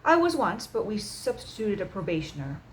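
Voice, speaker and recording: A woman voicing a calm, measured man who leads a secret society, speaking gently and matter-of-fact in an audiobook reading. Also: mid-range voice, slight background noise, voice pushed up, natural voice, low-quality recording.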